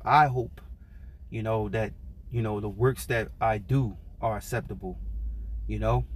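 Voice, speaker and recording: A man teaching scripture in a relaxed, conversational way, drawing out and repeating key words for stress. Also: mid-range voice, slight background noise. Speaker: preacher.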